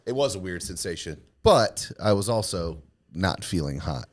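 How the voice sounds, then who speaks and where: A man with a very low voice tells a story in an easygoing, rambling way and pads it with lots of "um" and "like". He sounds close to the microphone, with no room echo. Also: lively intonation, normal speed. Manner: laid-back, rambling with many fillers. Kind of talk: casual storytelling.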